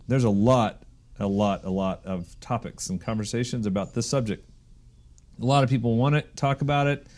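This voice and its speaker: A man's voice: medium pitch, warm tone. An American man with a mid-range voice hosting a casual business podcast. He sounds upbeat and playful and likes to tease his co-host. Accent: American English. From United States.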